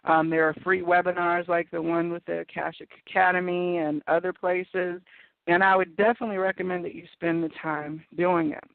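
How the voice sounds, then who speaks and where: A woman's voice: on the low side, flat delivery, a little fast, vocal fry, no echo. A woman hosting an internet radio show, chatting casually and laughing at her own stories. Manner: chatty, laughing, self-deprecating. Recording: tinny phone-line audio.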